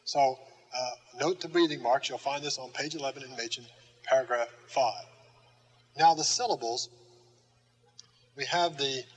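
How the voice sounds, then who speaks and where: An older man giving a recorded Greek grammar lecture, slow and deliberate, with frequent "uh" fillers and repeated key terms. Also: mid-range voice, slight background noise, low-quality recording. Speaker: Greek teacher.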